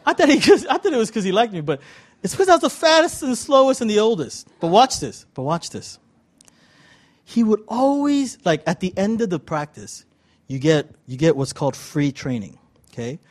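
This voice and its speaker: Chatty middle-aged preacher, somewhat high voice. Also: male voice, very animated, normal speed. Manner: casual, self-deprecating storytelling with many fillers. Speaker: pastor. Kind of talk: sermon.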